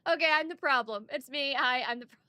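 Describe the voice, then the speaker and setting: A woman hosting a casual gaming stream with her squad, animated, self-mocking and quick to laugh. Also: sits high, no room sound. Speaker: streamer, host.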